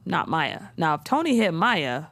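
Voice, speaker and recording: A woman, co-hosting a casual chat and telling the story in a slangy, animated way with frequent laughs. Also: sits low, normal speed, vocal fry, no echo. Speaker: podcast co-host recapping a TV show.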